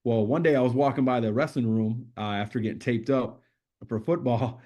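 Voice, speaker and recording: A middle-aged man, guesting on a podcast, tells animated stories in a casual chat, peppering them with profanity and acting out people's words. His medium-pitched voice moves fairly quickly.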